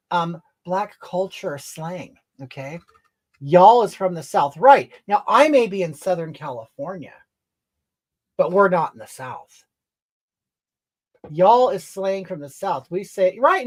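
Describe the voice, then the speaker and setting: A woman with a mid-range, slightly mellow voice performs a comedy livestream character. She plays a brash, touchy middle-aged streamer who reads viewer comments and responds with sass and rambling, tacking on "okay?" and "honey."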